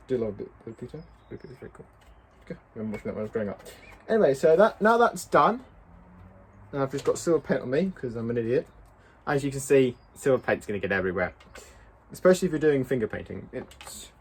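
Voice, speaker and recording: A man's voice: medium pitch, husky. A man, chatting casually while he paints a prop, rambling and poking fun at himself. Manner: rambling, self-mocking, chatty with asides. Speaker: cosplay prop maker.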